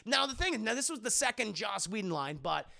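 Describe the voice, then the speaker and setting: A man streaming a casual, profane scene-by-scene movie recap to his live chat, quickly acting out the characters' lines. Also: high-pitched, sing-song, vocal fry, pushed and bright. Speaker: streamer and film reviewer.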